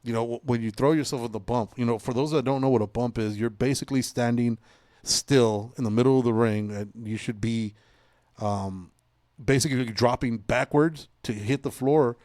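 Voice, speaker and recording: A man in his forties hosting a podcast, telling stories in a casual, profane, animated way. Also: medium pitch, moderate pace, dry recording, clean studio sound. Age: 40s. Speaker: podcast host. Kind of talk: casual chat.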